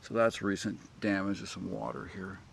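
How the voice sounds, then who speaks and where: A man's voice: deep voice, very animated, moderate pace, gravelly, breathy edge. A man giving a rambling, folksy, self-deprecating how-to talk while working on a jacked-up car outdoors. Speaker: DIY car repair vlogger.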